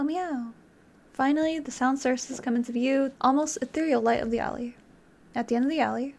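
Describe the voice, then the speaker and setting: A woman's voice: high-pitched, gravelly, a little mellow. A young woman playing a video game, reading its narration aloud dramatically and chatting in between with hesitant fillers. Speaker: game streamer. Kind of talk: let's play, reading game text aloud.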